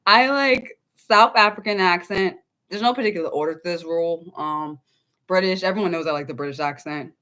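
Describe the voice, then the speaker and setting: Woman, young adult, livestream host, casual rambling chat, lots of ums and restarts, lowish voice. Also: fairly quick, pushed and bright. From United States.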